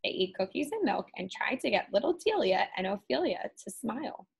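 Woman teacher, storybook read-aloud, lively melody, gravelly and husky edge. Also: mid-range voice, fairly quick, poor audio. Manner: expressive, animated storytelling. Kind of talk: reading a picture book aloud.

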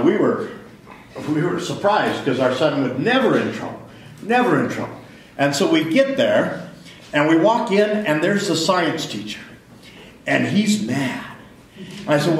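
A middle-aged man teaches physics to a live class, his voice a touch high and animated as he spins anecdotes with a chuckle. It sounds like a large lecture hall, with heavy reverb and a faint hiss behind him. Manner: lively storytelling with chuckles.

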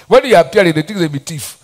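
Nigerian male preacher, slightly high voice, call-and-response style, middle-aged. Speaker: pastor. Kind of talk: sermon. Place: church hall.

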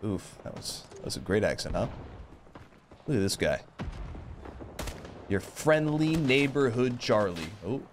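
Excitable man commentating a shooter game. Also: medium pitch, measured pace, long pauses, slight background noise. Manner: excitable, exclaiming and swearing at the action. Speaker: gaming video host. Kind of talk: live gameplay commentary.

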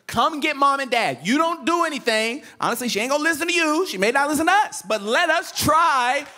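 A male pastor in his thirties delivers a sermon in a strikingly high voice that swoops up and down. His tone is bright and ringing, and he tells stories in a funny, slangy, animated way. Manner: animated, humorous storytelling in casual slang.

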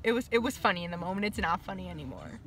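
A woman's voice: lowish voice, expressive, racing, fairly bright tone. A young woman vlogging casually from her bathroom, chatty and rambling, swearing a lot and laughing often. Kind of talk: casual chat. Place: bathroom, in a towel.

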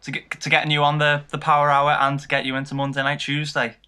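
Halting British co-host, bright voice. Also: male voice, fairly high pitch, completely flat delivery, clean tone. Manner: halting, filler-heavy questioning. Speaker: podcast co-host.

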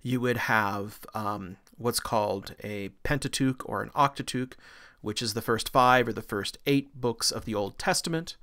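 A man's voice: fairly low pitch, moderate pace, bright, forceful tone. A middle-aged man giving a recorded university art history lecture, talking eagerly through slides. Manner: enthusiastic, pointing things out on slides.

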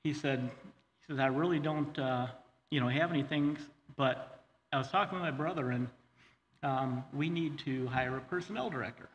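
A middle-aged man telling his personal testimony in a church, earnest and halting, with many fillers and restarts. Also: mid-range voice, dull audio, a little hiss or hum. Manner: earnest, says he gets choked up. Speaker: guest speaker sharing his testimony. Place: church hall. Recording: long hall reverb, faint ambience.

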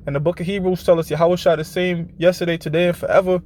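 A man hosting a live show, preaching informally. He is blunt and profane, keeps checking in with his listeners, and slows down to read scripture passages. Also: sits high, level tone, a little mellow, a little hiss or hum.

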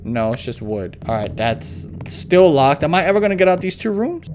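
A man's voice: sits high, animated, normal speed, hardly any pauses, darkish tone, slight background noise. A young man doing horror game commentary, jumpy, swearing and scolding an unseen baby like a parent. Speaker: gaming YouTuber.

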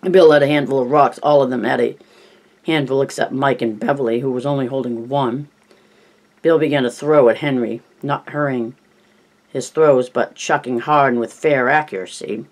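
A man reads a novel aloud, telling the scene in an even, measured way. His voice sits at a middle pitch for a man. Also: poor audio. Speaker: audiobook narrator. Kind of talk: novel narration.

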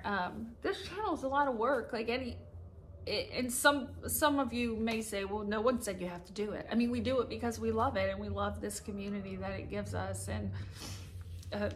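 A woman's voice: medium pitch, slight background noise. A middle-aged woman casino vlogger talking casually and emotionally to her viewers, laughing through tears and restarting her sentences. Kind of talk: casual heartfelt vlog talk to viewers. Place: hotel room upstairs at a casino.

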